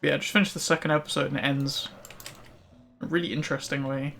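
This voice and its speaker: A man's voice: a little high, fairly even intonation, brisk, gravelly, a bit bright. A male streamer chatting casually while he plays, rambling with lots of fillers. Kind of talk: casual chat while gaming. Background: faint music.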